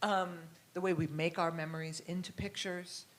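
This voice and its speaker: A woman's voice: on the low side, steady tone, normal speed. A middle-aged woman from the United States, a curator being interviewed, talking reflectively and thinking aloud with fillers and restarts. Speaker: curator and writer, guest. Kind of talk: conversational interview talk.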